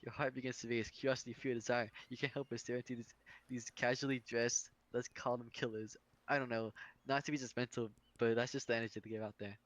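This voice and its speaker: A man's voice: medium pitch, flat delivery, quick pace. A man playing through a dating game with a friend, reading its text aloud and joking about it, often laughing. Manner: laughs often, reads narration then jokes about it. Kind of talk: casual game playthrough, reading and riffing.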